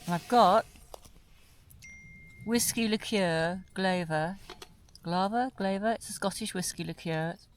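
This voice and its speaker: A woman's voice: on the low side, measured pace, pauses often, a little hiss or hum. A woman vlogging from inside a small tent in winter, chatting aloud to the camera and musing as she goes. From South East London. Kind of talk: casual solo camping vlog.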